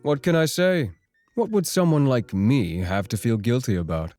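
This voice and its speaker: An actor playing an aloof, haughty Grim Reaper with a formal, dry, sardonic way of talking in a video game. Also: male voice, medium pitch, expressive, moderate pace, a little mellow, no room sound, natural voice.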